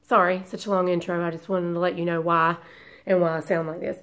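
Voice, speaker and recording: A woman's voice: fairly low pitch, level tone, fairly quick, fairly bright tone. A woman beauty vlogger chatting casually to camera, congested from a long illness, rambling and hesitant with many restarts.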